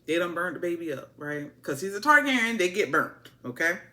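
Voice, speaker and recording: A woman's voice: fairly low pitch, a little fast. A woman giving a casual, sassy TV episode review, full of repeated words and playful asides. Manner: sassy, animated, repetitive asides. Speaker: TV recap reviewer.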